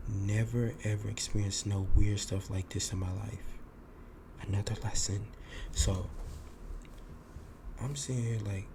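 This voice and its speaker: Deep-voiced man telling a story, noisy. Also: unhurried, pauses often. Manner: animated, acts out quoted lines, swears. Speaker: podcast host. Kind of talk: casual storytelling monologue.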